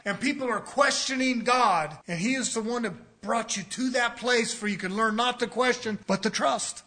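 Brief: male pastor, fervent and folksy, rising to loud bursts, dropping to hushed asides, higher bright tone. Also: moderate pace, hardly any pauses. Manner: impassioned, swings between loud emphasis and quiet asides; folksy, homespun examples. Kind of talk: sermon. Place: church sanctuary.

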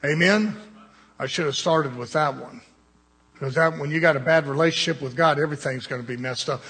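A man's voice: on the high side, a little fast, fairly bright tone, breathy edge, in a large hall. A man preaching a sermon, with blunt, conversational jabs at his congregation.

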